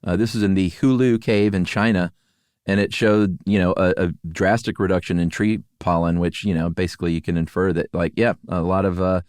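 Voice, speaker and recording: A man co-hosting a casual podcast, talking in a relaxed way with frequent laughs and fillers. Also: low voice, fairly quick, clear, resonant tone, dry recording, studio quality. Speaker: podcast co-host. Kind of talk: casual conversational podcast chat.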